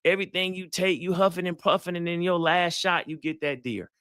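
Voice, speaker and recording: Guy hosting a live dating talk, slangy storyteller, crisp dry audio. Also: high voice, a little fast, no room sound. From Atlanta, US South. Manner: animated storyteller, acts out quotes, slangy. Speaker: psychologist hosting a live session.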